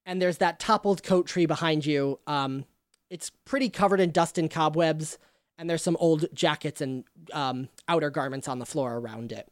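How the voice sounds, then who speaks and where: A woman's voice: low voice, normal speed, dry recording, clean studio sound. A woman game master describing scenes for a tabletop game, with frequent ums.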